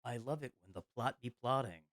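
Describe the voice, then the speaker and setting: A streamer giving casual, sarcastic game commentary in quiet, mumbled asides. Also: medium pitch, a little fast, dry recording, studio quality.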